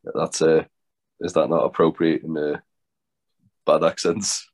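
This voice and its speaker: A man's voice: rumbling low, little pitch movement, measured pace, a little mellow. A man co-hosting a podcast, teasing his friend with dry jokes and casual swearing. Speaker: podcast co-host. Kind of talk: casual banter.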